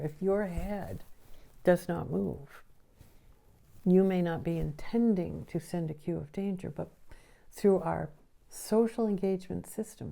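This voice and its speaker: Her voice is lowish, gravelly, and mellow as she walks through a recorded lesson about the nervous system. She explains patiently and keeps checking in with quick questions.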